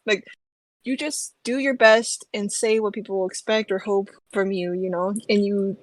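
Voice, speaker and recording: A woman's voice: medium pitch, steady tone, measured pace, dry recording, poor audio. A woman co-hosting a book podcast, talking casually with lots of "like" and "you know" and frequent laughter. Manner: chatty, many "like"s and "you know"s, laughs often. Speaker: podcast co-host.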